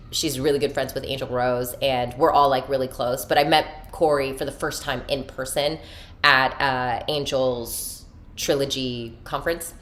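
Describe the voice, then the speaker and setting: A young woman hosting a podcast in a casual, animated style, swearing freely and using many fillers. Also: sits low. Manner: animated, chatty, profane, filler-heavy. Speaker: podcast host. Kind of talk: casual spiritual podcast chat.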